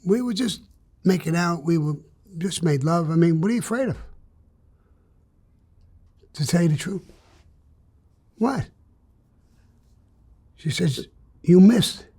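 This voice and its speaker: A New man with a husky, breathy edge tells a crude joke story during an interview. He curses freely and swings from hushed asides to loud, animated bursts. His voice sits slightly high for a man. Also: slow, long pauses. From New York. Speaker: interview guest.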